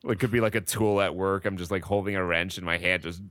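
Deep, smooth-voiced wry man. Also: steady tone, quick pace, a bit bright, no room sound. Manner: dry, wry, matter-of-fact. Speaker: podcast co-host. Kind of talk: casual chat.

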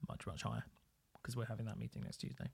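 A man's voice: fairly low pitch, quick pace, vocal fry, breathy edge. A man co-hosting a podcast, teasing dryly in casual chat. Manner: dry, teasing. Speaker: podcast co-host.

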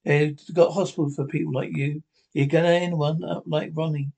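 A cantankerous old Scottish pensioner in a TV sitcom, trading gruff, sardonic jabs. His voice sits a touch high for a man, and the delivery is dry and bickering. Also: little pitch movement, moderate pace, a little mellow. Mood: mocking. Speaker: sitcom actor. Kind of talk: TV sitcom dialogue.

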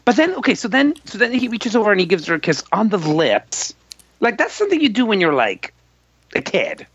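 A man with a husky voice, a guest on a podcast, chatting about a movie and quick to laugh and react. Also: high voice, wildly swooping pitch, a bit bright, no room sound. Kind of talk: casual movie-review banter. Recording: dull, lo-fi mic.

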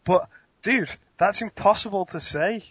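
A man's voice: high voice, unhurried, fairly bright tone, husky, no echo. A man with a British accent, a podcast guest, chatting in a laid-back way with frequent laughter. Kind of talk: casual chat. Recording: dull lo-fi dry sound.

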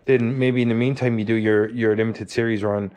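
Quick-talking Irish man, easygoing. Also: on the low side, level tone, darkish tone, clear, resonant tone. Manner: quick and easygoing, with many "like" fillers. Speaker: podcast co-host. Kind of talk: casual podcast chat.

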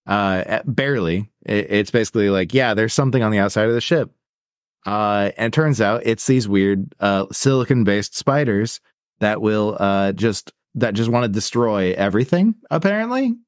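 A man's voice: fairly low pitch, animated, moderate pace, clear, resonant tone, no echo, clean studio sound. A man in his thirties co-hosting a casual podcast over a call, joking and rambling as he recaps a film. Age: 30s. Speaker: podcast co-host. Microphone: remote call mic.

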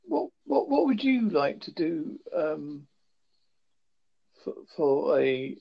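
A man from the United Kingdom with a British accent, chatting casually in a polite, halting way and repeating his words. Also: fairly high pitch, sing-song, creaky, breathy edge. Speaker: chat partner. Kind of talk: casual chat. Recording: muffled lo-fi audio.

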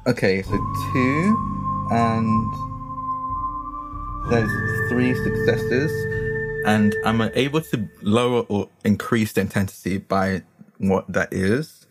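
A man's voice: lowish voice, takes it slowly. A man playing a tabletop role-playing game, chatty and laughing as he thinks aloud. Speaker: player. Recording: podcast with music underneath.

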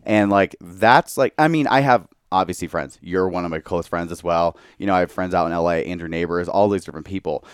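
A man's voice: low-pitched, brisk, few pauses, smooth, dry recording, studio quality. A young man talking candidly as a podcast guest, a bit tipsy from tequila, filling his speech with "like.". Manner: candid, heavy use of "like". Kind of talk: casual chat.

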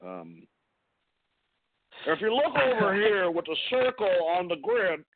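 A man hosting a casual podcast, animated and swearing freely. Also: high voice, a little slow, no room sound. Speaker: podcast host. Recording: tinny phone-like line, dry.

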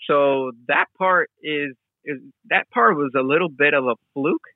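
A man's voice: a little high, measured pace, dry recording. A man recounts a story in an easygoing, rambling way, full of restarts. His voice comes through thin and tinny, like a phone line, with no room sound. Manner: rambling, many fillers and restarts. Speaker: guest, real estate wholesaler. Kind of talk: casual storytelling interview.

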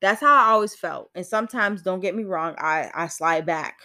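A woman talks through her own podcast episode in a loose, candid way, laughing often and swearing now and then. Her voice sits a little low, and the talk rambles comfortably as she shares her thoughts. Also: moderate pace, bright, forceful tone. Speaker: podcast host. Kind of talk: casual solo podcast talk. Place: indoors at home with rain outside.

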